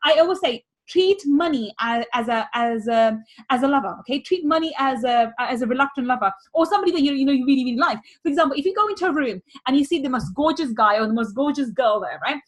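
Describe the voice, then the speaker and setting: High-voiced woman coaching on money. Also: fast. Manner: energetic, repeats key phrases, acts out little voices. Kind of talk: teaching a workshop.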